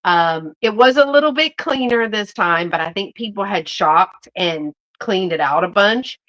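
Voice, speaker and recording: A woman's voice: medium pitch, lively intonation, a little slow, fairly bright tone, low-quality recording. Chatty woman hosting a live stream. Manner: chatty and bubbly, many fillers and restarts, addresses viewers as y'all. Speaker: YouTube vintage reseller hosting a live stream. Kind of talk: casual live-stream chat with viewers.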